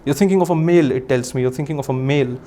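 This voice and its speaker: This comedian-magician, a young man with an Indian English accent, runs a live stage magic show for an audience, barking out teasing, theatrical, playful commands. He speaks at a racing pace in a warm, medium-pitched voice.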